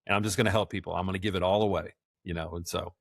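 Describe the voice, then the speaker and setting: A man with a somewhat low voice talks casually as a podcast guest. He is folksy and enthusiastic, laughing often and doubling up words as he goes. The recording is dry and close. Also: steady tone, racing, gravelly, no room sound. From South Georgia, US. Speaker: guest, event rental business owner.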